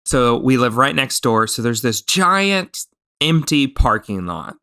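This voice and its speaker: A man's voice: medium pitch, a little slow, smooth, no echo, studio quality. A man hosting a podcast, telling stories in casual chat and acting out the people he quotes. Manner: animated storyteller, acts out quotes. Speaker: podcast host.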